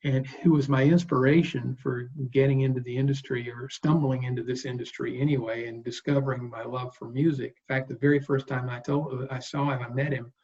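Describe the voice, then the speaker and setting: A man in his sixties with a husky, slightly breathy voice tells long, wandering anecdotes as a guest in an interview. His delivery is relaxed and conversational. The recording sounds dull and lo-fi. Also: medium pitch, fairly quick, hardly any pauses. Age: 60s. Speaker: guest bass player. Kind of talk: interview storytelling.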